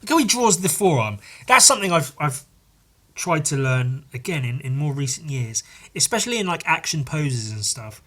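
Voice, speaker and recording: A man's voice: fairly high pitch, very animated, normal speed, fairly bright tone. A young British man hosting a casual solo podcast, rambling and sarcastic, swearing often and jumping up into silly voices. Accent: British English. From Britain. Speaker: podcast host.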